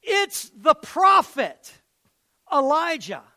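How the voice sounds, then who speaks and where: A man's voice: extremely high pitch, huge pitch swings, very slow, sharp tone, pitched above the performer's own voice, full character voice. A man voicing an anxious male army officer who answers eagerly in a raised voice.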